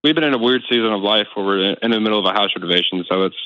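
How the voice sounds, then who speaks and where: A man calling in to an advice show, speaking candidly in halting phrases over a dull phone line. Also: on the low side, no room sound. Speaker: caller. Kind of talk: phone-in conversation.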